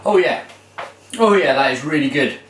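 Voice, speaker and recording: A man's voice: medium pitch, animated, moderate pace, fairly bright tone, a little hiss or hum. Chatty man reviewing beer in an echoey room. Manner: chatty, enthusiastic, rambling with fillers. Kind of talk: casual tasting review to camera. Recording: roomy echo, mic far off.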